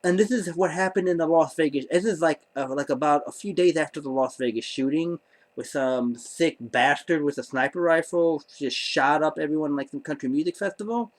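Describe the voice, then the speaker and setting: A man's voice: fairly high pitch, brisk. A man telling a story to camera in a rambling, stammering way, full of exasperated disbelief. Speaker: vlogger.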